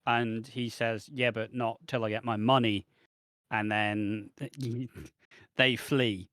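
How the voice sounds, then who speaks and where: A man's voice: medium pitch, fairly even intonation, slow, fairly bright tone, no room sound, clean studio sound. A man co-hosting a podcast, chatting casually about a soap opera with a laid-back manner. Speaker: podcast co-host.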